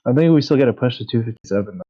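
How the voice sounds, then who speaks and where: A man with a mid-range voice talks trades on a live stream. He is excitable and enthusiastic, and his audio sounds dull and lo-fi. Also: medium pitch, very fast, breathy edge. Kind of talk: casual live trading chat.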